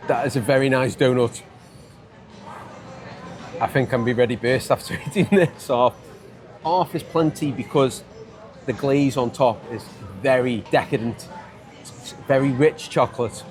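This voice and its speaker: A man's voice: medium pitch, measured pace, long pauses, darkish tone. A man with a Stoke-on-Trent accent, chatting and joking on a casual travel vlog. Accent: Stoke-on-Trent English. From England. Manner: chatty and jokey, laughs often. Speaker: vlogger. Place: outdoors on city streets.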